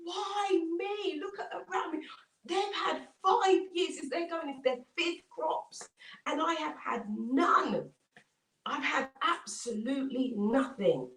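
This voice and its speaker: A woman's voice: medium pitch, moderate pace, close to an everyday voice. Desperate farmer, male, repeating his laments; a woman acts him out; far-off mic, echoey room. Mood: anguished. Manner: pleading, repetitive laments. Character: despairing struggling male farmer. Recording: roomy, distant mic.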